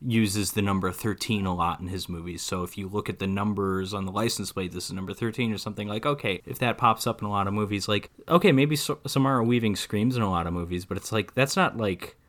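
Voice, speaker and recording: Low-voiced man in rambling podcast chat. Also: quick pace, hardly any pauses, a bit bright. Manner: rambling, laughing asides. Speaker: podcast co-host. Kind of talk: casual movie discussion.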